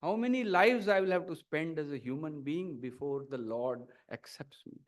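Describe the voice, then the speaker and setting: A man with an Indian English accent voicing a proud, devout Brahmin who is quick to take offence, in a told story. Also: on the high side, voice pushed down, close to an everyday voice. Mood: pleading. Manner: indignant and pleading by turns.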